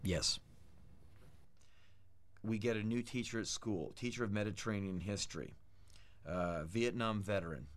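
A man's voice: on the low side, normal speed, pauses often. Blunt American man telling stories. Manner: blunt, animated anecdotes, acts out quoted voices. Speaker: interviewee. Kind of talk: candid storytelling interview.

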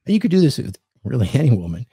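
A man's voice: mid-range voice, big pitch swings, rapid-fire, mellow, slightly rough, no room sound, clean studio sound. A man hosting a podcast, giving dating advice in casual chat and acting out quoted lines in a commanding tone.

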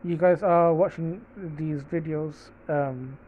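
Halting, slow-talking podcast host on a tinny line. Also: medium pitch, fairly even intonation. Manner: halting, many fillers and restarts. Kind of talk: casual solo episode review. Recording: tinny phone-like recording.

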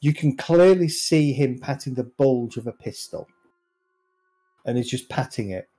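A man narrating as game master of a tabletop game over an online call, describing scenes at an unhurried pace. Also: medium pitch, lively intonation, mellow, slightly rough, faint music behind, rough recording.

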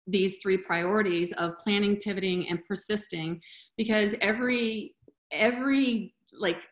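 Woman, video call, casual heartfelt talk, mid pitch, echoey room. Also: a bit bright. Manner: emotional, chokes up at times. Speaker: webinar presenter.

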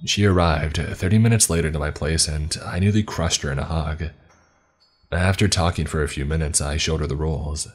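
A man narrating a horror story in a low, dark storytelling voice, with a husky tone. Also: fairly quick. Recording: faint music behind.

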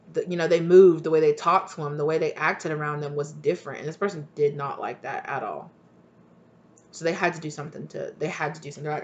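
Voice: mid-range voice, highs cut off. A tarot reader giving a casual, rambling reading, repeating phrases and leaning on "like" and "right?". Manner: rambling, repetitive, full of "like" and "right?".

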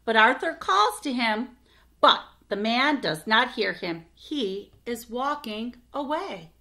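Woman, children's read-aloud, expressive, fairly high voice, bright. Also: takes it slowly. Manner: expressive, asides to listeners. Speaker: storytime reader.

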